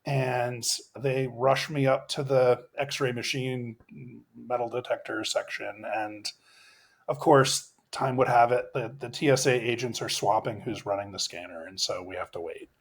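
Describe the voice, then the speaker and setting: A man's voice: medium pitch, steady tone, measured pace, slightly rough. Middle-aged male coach as podcast guest; earnest, reflective storyteller with a medium voice and restarts. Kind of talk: personal storytelling in a podcast interview.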